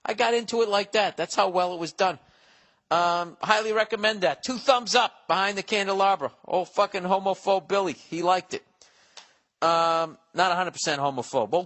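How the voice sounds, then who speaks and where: Man, forties, podcast host, casual profane rant, fairly high voice. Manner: profane, rambling, animated swings in pitch and volume.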